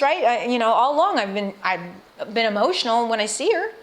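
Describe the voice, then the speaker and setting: This is a cancer patient, a middle-aged woman, telling her story straight to the camera in a heartfelt, chatty way full of restarts and asides to the audience. Her pitch runs on the high side, and her delivery is very animated and fairly quick.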